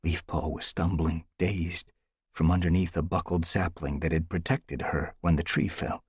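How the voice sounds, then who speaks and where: A man with a husky voice reading an audiobook with dramatic, tense storytelling. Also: deep voice, fairly even intonation, normal speed, dry recording. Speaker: audiobook narrator. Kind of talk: dramatic scripted narration.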